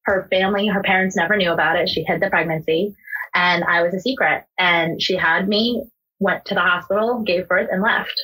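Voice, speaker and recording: A young woman from the United States speaks as a podcast guest, sharing her own story in an open, emotional, unpolished way. Her voice sits low for a woman and has a husky, breathy grain. She swears casually and leans on "like" between thoughts. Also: steady tone, fairly quick, bright, forceful tone, poor audio. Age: young adult. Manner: candid, emotional, swears freely, many fillers like "like". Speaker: interview guest.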